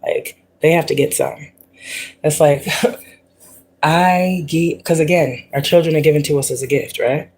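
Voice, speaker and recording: A woman's voice: low voice, fairly even intonation, unhurried, a little mellow. A woman hosting a spiritual livestream, talking casually and animatedly, repeating herself and often breaking into laughter. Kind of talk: casual spiritual pep talk.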